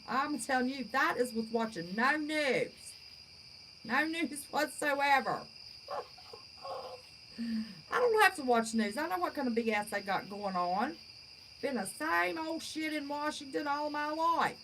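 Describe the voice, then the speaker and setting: A woman's voice: sits high, big pitch swings, slow pace, a bit bright, slight background noise, poor audio. A woman in her fifties hosting a livestream, chatting with viewers in a blunt, folksy, outspoken way. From West Virginia. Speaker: channel host. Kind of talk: livestream chat reading viewer comments.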